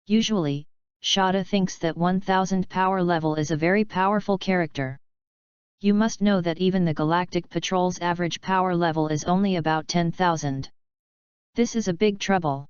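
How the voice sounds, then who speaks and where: Woman audiobook narrator, steady, dull lo-fi recording. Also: lowish voice, normal speed, smooth, dry recording. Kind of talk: audiobook reading.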